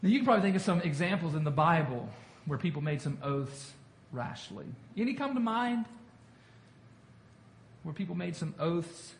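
High-voiced man teaching Bible study. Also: animated, moderate pace, vocal fry. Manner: conversational, repeats himself, asks the group questions. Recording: echoey room with faint noise.

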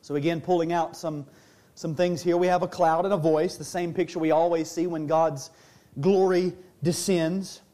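A man preaching a sermon, earnest, slowing down and dropping his voice low to stress key lines. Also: little pitch movement, warm tone. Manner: earnest preaching, slows and drops low for emphasis. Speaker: pastor.

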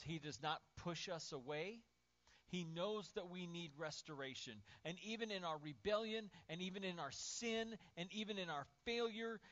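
A male pastor preaching a lively sermon, swinging from loud, acted-out outbursts to near-whispers. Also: high voice. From Indiana, USA. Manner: animated, acts out voices and swings from shouting to near-whisper. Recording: dull lo-fi sermon audio.

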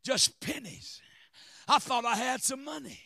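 A middle-aged man preaches in a very high, gravelly voice. He swings between hushed storytelling and shouted, chanted lines, calling for amens. The recording is close and dry. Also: animated, measured pace, no echo. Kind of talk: sermon.

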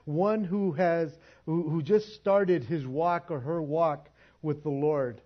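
A man preaching in a church, talking casually and conversationally, with a slightly high voice. He stumbles and restarts his words and laughs as he goes. The recording sounds dull and lo-fi. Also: slow pace. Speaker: pastor. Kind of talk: sermon.

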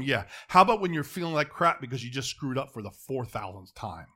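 A middle-aged man preaching a sermon, moving between quiet, close asides and loud, emphatic calls to the congregation. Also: medium pitch, big pitch swings, brisk, slightly rough.

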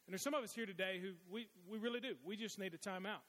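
A man's voice: high-pitched, fast talker, hardly any pauses, a bit bright. A middle-aged man preaching a sermon as pastor, telling folksy stories with frequent restarts. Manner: folksy storytelling with many restarts. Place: church sanctuary. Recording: long reverb of a large hall.

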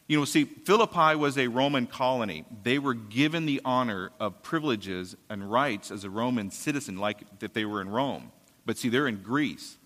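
A man's voice: medium pitch, fairly bright tone. Man preaching in a reverberant hall. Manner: casual storytelling, paraphrasing scripture. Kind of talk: sermon.

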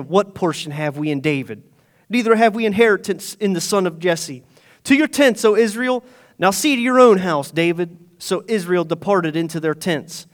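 A man with a noticeably high voice delivers a sermon. He reads scripture aloud, then paraphrases it in plain everyday talk. His delivery swings between loud and hushed. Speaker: pastor.

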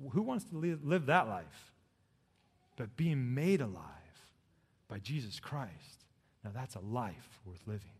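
A man's voice: mid-range voice, slightly rough. Man preaching in a reverberant hall. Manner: dramatic, rises to loud emphatic peaks then drops soft. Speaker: pastor. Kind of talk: sermon.

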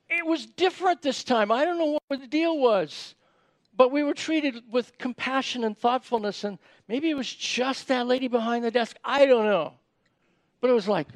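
A man's voice: very high voice, normal speed, no room sound. A man giving a sermon in a conversational way, often repeating words as he starts sentences and asking the audience questions. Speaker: preacher.

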